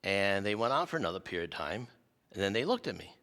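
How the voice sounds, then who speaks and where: A male pastor giving a sermon, telling personal stories in an animated, self-deprecating way, in a church sanctuary. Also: fairly low pitch, fast talker. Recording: long church reverb.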